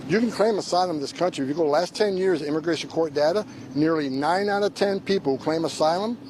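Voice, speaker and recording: A man's voice: on the high side, background noise. A man in an interview clip, speaking in a firm, matter-of-fact way.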